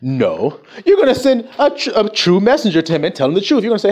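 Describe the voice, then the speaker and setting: A man preaching a fiery, profane sermon in a high voice. His pitch swings widely, from low, muttered asides to emphatic shouts. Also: wildly swooping pitch, a little fast, hardly any pauses. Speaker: self-styled preacher. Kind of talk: fiery street-style sermon.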